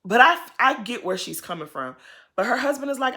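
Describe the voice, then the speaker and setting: A woman recaps a reality show with a lively voice that swoops widely in pitch. She is sympathetic and expressive and speaks directly to the people on screen. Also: a little fast. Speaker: TV recap host. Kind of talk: casual reality-TV recap commentary.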